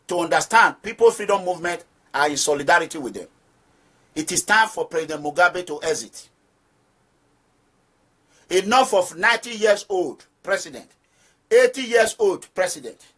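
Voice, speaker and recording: Speaking in a high, forceful voice with a tense edge, a Nigerian-accented activist movement leader delivers declamatory political commentary to his followers. His preaching is emphatic, and he drives points home by repeating phrases.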